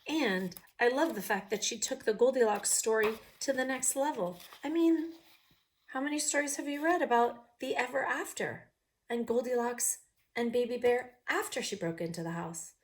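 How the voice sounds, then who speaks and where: A woman reading a picture book aloud to young viewers, pausing to ask them questions. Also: a little high.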